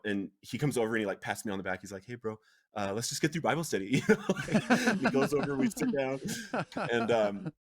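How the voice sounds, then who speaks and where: A man in his thirties recounts his own story of hitting bottom and getting clean. His voice sits a little low, and he talks with raw earnestness. He swings between heavy, quiet moments and bursts of animated, laughing storytelling. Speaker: podcast guest sharing recovery story. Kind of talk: emotional personal storytelling.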